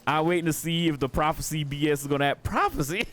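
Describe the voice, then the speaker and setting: A man's voice: fairly high pitch, animated, fast talker, a bit bright. A man streaming a game live, rambling in profane, casual commentary and laughing often.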